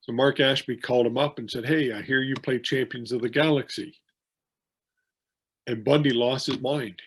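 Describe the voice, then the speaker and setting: The speaker, a man who co-hosts a podcast and promotes wrestling, has a medium-pitched, slightly rough voice with a steady tone and normal pace. He loosely recounts anecdotes, restarting sentences and filling gaps with fillers.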